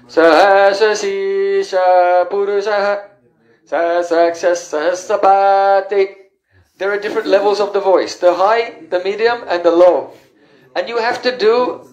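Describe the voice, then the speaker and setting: A man's voice: sits high, echoey room, low-quality recording. A man giving a spiritual lecture on scripture, explaining terms step by step with fillers and self-corrections. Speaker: teacher of scripture.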